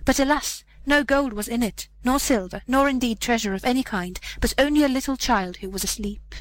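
Female narrator, slightly high voice, measured fairy-tale reading. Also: slight background noise, poor audio. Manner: measured, gentle storytelling with character voices. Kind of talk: storybook reading.

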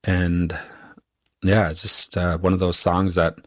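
Very deep, flat-voiced man speaking haltingly. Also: dry recording, studio quality. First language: Inuktitut. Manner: halting, many pauses and fillers. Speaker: guest musician. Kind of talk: conversational interview answer.

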